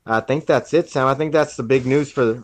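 A man co-hosting a podcast in casual chat, halting and often restarting his sentences. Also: mid-range voice. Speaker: podcast co-host.

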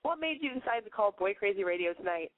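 A woman with a hoarse voice hosting a call-in radio show, chatting in a brash, profane and playful way. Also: medium pitch, expressive, quick pace, dry recording. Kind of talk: casual call-in radio chat. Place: bedroom, on the floor. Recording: dry, phone-like narrow sound.

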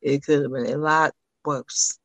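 A woman's voice: deep voice, steady tone, measured pace, a bit bright, no room sound. A woman hosting a podcast in casual chat, reacting with short interjections and offering advice. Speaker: podcast host.

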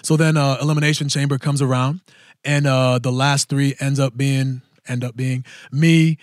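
A middle-aged man, a professional wrestler, telling a story casually and acting out other people in lively voices. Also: normal speed, dry recording, clean studio sound. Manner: animated, jumps into high silly voices to act out crowds.

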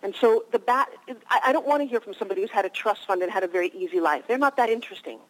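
Fast-talking energetic woman guest. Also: mid-range voice, poor audio. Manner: energetic, animated storyteller. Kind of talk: radio interview.

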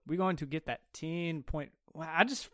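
A man hosts a casual sports podcast, talking in a chatty, stop-start way full of fillers. His voice is smooth and clear. The sound is dry and close. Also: fairly high pitch, no echo. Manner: chatty, halting with restarts and fillers. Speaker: podcast host.

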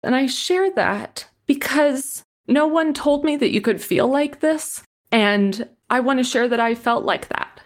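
A woman guest on a podcast, sharing a personal story in a halting, apologetic way while near tears. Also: high-pitched, lively intonation.

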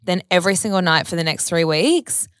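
A woman's voice: lowish voice, animated, fairly quick, a bit bright, no room sound, studio quality. A woman, telling a long story in casual chat, rambling with lots of "like" and casual swearing.

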